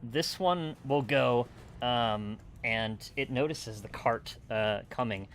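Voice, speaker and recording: A man's voice: medium pitch, slow, a bit bright, a little hiss or hum. A man running a tabletop game as game master, narrating in a loose, rambling way with many fillers. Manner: loose and rambling, full of "uh" and "kinda like".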